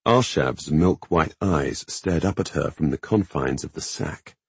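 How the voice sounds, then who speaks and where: Brief: male audiobook narrator, deepest of voices, dry close sound, steady. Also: unhurried, breathy edge, no room sound. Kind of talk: scripted fantasy narration.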